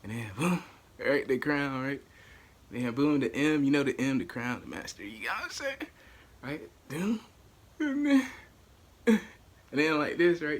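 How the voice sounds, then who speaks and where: Man, husky voice, casual slangy rant, mutters then exclaims loudly, keeps asking if you follow. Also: sing-song, moderate pace, pauses often. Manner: slangy, repeats "you know what I'm saying", swings from low mutter to loud exclaiming. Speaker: vlogger.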